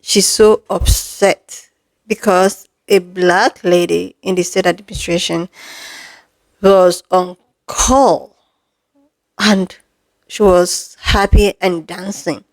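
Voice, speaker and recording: A woman's voice: on the low side, steady tone, slow, pauses often, poor audio. A woman vlogger giving heated commentary to camera, firing off emphatic rhetorical questions and calling her viewers "lovelies". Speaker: commentary creator.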